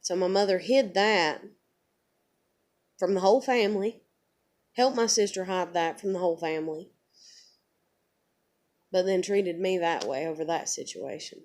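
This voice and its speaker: A woman's voice: fairly low pitch, a little slow, pauses often, a little mellow. Blunt woman telling her story. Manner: blunt, profane, emotional retelling. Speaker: vlogger. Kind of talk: candid personal storytelling.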